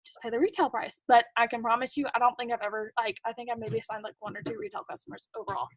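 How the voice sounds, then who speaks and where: At the sales kick-off, she pumps up her team with blunt, pushy pep, chatty and emphatic and full of "like" and "um." Her fairly high, gravelly voice is animated and quick, in a dry recording.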